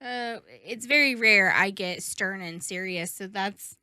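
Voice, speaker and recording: Bright-voiced chatty woman podcaster. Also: medium pitch, measured pace, smooth, no echo. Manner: chatty, emphatic, swears casually. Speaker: podcast co-host. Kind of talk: casual chat.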